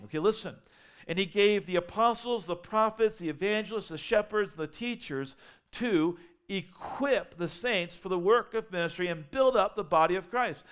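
A man's voice: a little high, fairly bright tone. A man preaching a sermon as pastor, earnest and often repeating or restarting his words.

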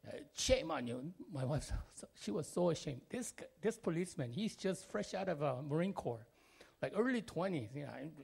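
A man from Korea telling a family story in English. His voice sits fairly high and has a gravelly edge, and his delivery is animated and expressive. He often swings from loud to quiet and fills pauses with small fillers.

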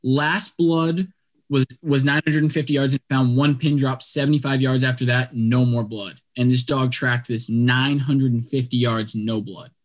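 A man telling a story in casual conversation, animated and rambling, with a lot of "like" fillers. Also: mid-range voice, normal speed. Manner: animated, rambling, heavy use of "like".

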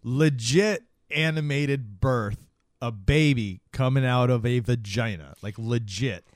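A man's voice: medium pitch, slow, no echo, clean studio sound. A young man co-hosting a podcast, recapping a show in laid-back casual chat and laughing often. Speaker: podcast co-host.

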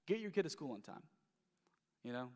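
A man's voice: on the high side, sing-song, a little fast, a little mellow, long reverb tail, lo-fi sound. A man in his thirties preaching a sermon as pastor, in a conversational way that often restarts and repeats words.

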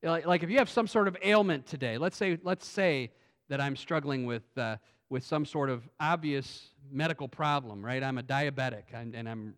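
A man preaching a sermon in a conversational way, swinging between loud emphatic lines and quiet asides, often restarting his sentences. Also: fairly high pitch, moderate pace. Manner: frequent restarts and repetitions. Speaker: pastor.

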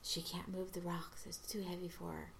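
A woman casually recapping a TV episode, halting with restarts and briefly acting out the characters' lines. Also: on the low side, flat delivery, gravelly, slight background noise.

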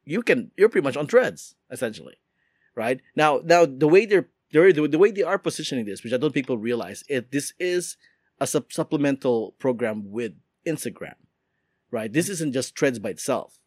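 This man co-hosting a podcast is expressive and a little mellow, speaking in a mid-range voice at a moderate pace. His casual talk rambles with many restarts and fillers, recorded cleanly in a studio without room sound.

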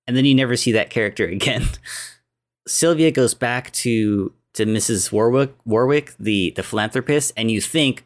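A man casually retelling a film plot, rambling with many restarts and fillers, acting out the characters' lines. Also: lowish voice. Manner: rambling, lots of "like" and restarts, acts out quotes.

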